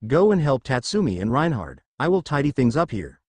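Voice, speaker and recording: A man voicing a calm, weary male devil who speaks in a measured, thoughtful way. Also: medium pitch, no room sound.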